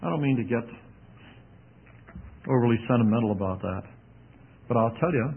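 A man's voice: medium pitch, expressive, moderate pace, gravelly, a little hiss or hum. A man preaching a sermon in a folksy, emphatic way, with wry asides. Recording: tinny narrow-band radio broadcast.

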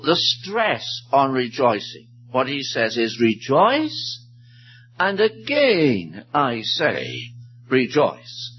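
A man preaches with a lively, rising and falling voice, slowing down hard to press key words home. His voice sits a little high for a man. The recording is dull and lo-fi, with a faint hiss behind him. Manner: measured, emphatic, slows to stress key words. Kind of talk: expository sermon.

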